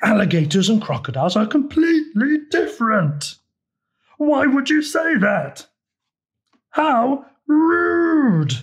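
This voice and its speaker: A man voicing a grumpy, hungry male alligator in a storybook reading, with a low, slow growl. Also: lively intonation, vocal fry. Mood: indignant.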